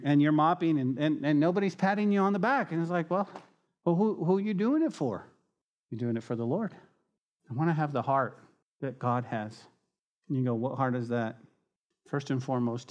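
A male pastor preaching a sermon in a loose, conversational style. His voice sits at a middling pitch, and he shifts between animated asides and quieter, earnest moments. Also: highs cut off. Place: church sanctuary.

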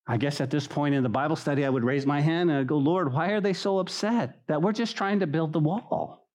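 A male pastor delivering an evening Bible study in a lively, conversational way. His voice sits a little higher than most men's. He keeps turning to his listeners to call them "guys" and jumps into animated bits. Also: moderate pace. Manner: animated, acts out mocking voices with high pitch. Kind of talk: sermon.

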